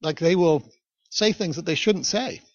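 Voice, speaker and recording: A man's voice: a little high, normal speed, no echo. A male pastor preaching a sermon in a conversational storytelling manner, with asides to the congregation. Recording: dull, dry recording.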